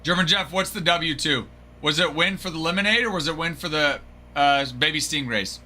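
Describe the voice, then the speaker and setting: Man, stream host, keen and very bright tone, slightly high, laughs a lot, chats with viewers by name. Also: normal speed. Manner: joking, laughs often, answers viewers by name. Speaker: card break livestream host. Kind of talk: casual livestream chat.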